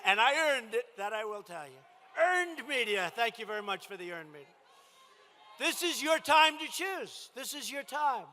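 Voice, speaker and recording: A man's voice: extremely high pitch, bright, forceful tone. A man giving a campaign rally speech in a large indoor venue, talking emphatically and repeating his phrases for punch. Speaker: politician addressing a rally.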